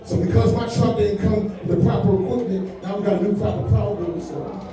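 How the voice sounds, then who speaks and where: A man's voice: high-pitched, fairly even intonation, fairly quick, over loud music. A stand-up comedian in his forties with a laid-back, conversational delivery on a comedy club stage. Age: 40s. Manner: laid-back, conversational delivery with frequent "man" and "you know what I'm saying". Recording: echoey club sound from far off.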